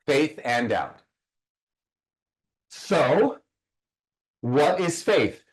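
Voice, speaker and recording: A personal growth speaker, a man whose voice sits high for his sex. He teaches in an emphatic, questioning way and keeps asking his listeners to type their answers in. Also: sing-song, drawn-out words. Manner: emphatic, fires rhetorical questions at the audience. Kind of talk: motivational teaching session.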